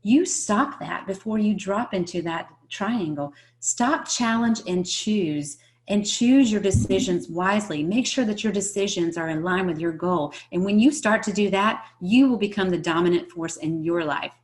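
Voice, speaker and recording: A woman's voice: mid-range voice, moderate pace, few pauses, poor audio. A woman presenting an online wellness lesson, recapping points in short, emphatic phrases. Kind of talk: online webinar teaching.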